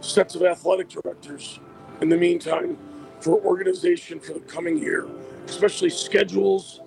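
Hoarse male caller, high and very gravelly, casual phone chat outdoors, light traffic noise. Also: steady tone, normal speed, a little mellow, soft background music. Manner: chatty, restarts often. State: hoarse, losing his voice. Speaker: athletic director calling in. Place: outdoors by a busy street.

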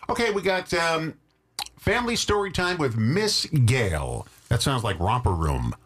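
A man's voice: fairly high pitch, very animated, measured pace, a bit bright. A man hosting a local radio talk show, chatting casually and rambling into jokey asides.

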